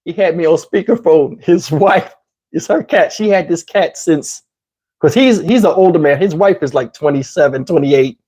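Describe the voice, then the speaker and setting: Husky-voiced man telling a story. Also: a little high, moderate pace. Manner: profane, slangy, lively retelling with acted-out quotes. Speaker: channel host telling a story. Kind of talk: casual storytelling.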